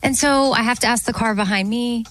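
A woman co-hosting a radio show, telling a story in an animated way and lifting her voice when quoting herself. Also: a little high, a little fast, slight background noise. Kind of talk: casual on-air storytelling.

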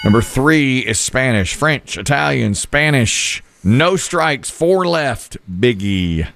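A man hosting a game on a radio show, with quick announcer patter and the question repeated again and again. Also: mid-range voice, animated, creaky, fairly bright tone, no echo.

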